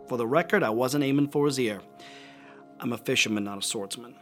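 An actor playing a remorseful, impulsive fisherman disciple in a dramatic monologue, halting and confessional, swelling into shouts. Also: mid-range voice, natural voice. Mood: rueful. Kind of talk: dramatic monologue over music. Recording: music playing underneath.

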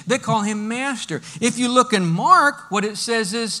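High bright-voiced guy preaching, pastor telling a story, gets loud then goes real quiet. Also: moderate pace, hardly any pauses. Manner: animated storytelling, swinging between loud and hushed. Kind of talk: sermon.

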